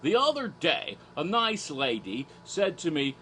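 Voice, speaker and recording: A man's voice: on the high side, sing-song, unhurried, bright, forceful tone, a little hiss or hum. A man from Asia, an American English speaker talking in a fake British accent, rambling theatrically with silly asides. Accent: put-on British accent. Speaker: horror theme park vlogger. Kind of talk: rambling casual commentary in a persona.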